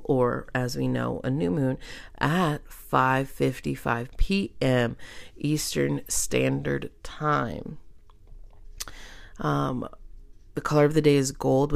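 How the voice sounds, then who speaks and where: A woman's voice: a bass voice, gravelly, darkish tone. A woman hosting her own podcast, talking in a blunt, irreverent and chatty way, with plenty of ums along the way. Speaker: podcast host. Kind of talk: casual solo podcast talk.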